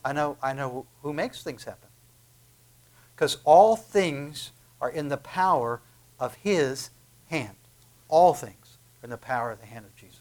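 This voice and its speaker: A man preaching from the pulpit, his voice sitting a little high for a man. He builds to loud, emphatic peaks on key phrases and then drops to near-hushed asides. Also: animated, a little slow, long pauses. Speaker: pastor. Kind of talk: sermon.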